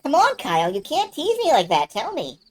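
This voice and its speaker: A woman's voice: high voice, wildly swooping pitch, normal speed, voice pushed up. A woman doing a feisty, teasing young woman. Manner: teasing and sharp-tongued.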